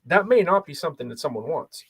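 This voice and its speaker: A man's voice: on the high side, quick pace, gravelly, husky, no echo. Rambling man with a light Boston accent. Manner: rambling, animated storyteller with many restarts. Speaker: podcast co-host. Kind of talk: casual chat.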